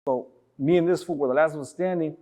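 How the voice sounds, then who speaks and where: A man's voice: on the high side, brisk, mellow. A man telling a story as an interview guest, casually, in slangy, profane talk that rambles with many fillers.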